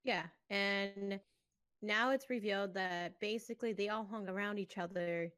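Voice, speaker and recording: A woman's voice: mid-range voice, measured pace, fairly bright tone, clean tone, dry recording, studio quality. A woman co-hosting a casual podcast, gushing and laughing about characters she loves. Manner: giggly, gushing. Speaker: podcast co-host. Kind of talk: casual chat.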